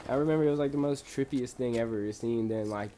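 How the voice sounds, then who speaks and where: A man's voice: mid-range voice, fast talker, mellow. A young man in a mid-range voice tells a long, meandering story in a loose, casual way, packed with fillers and swearing. His delivery is laid-back and conversational. A faint background noise sits under the recording. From Bosnia. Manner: laid-back, rambling, profane, lots of fillers.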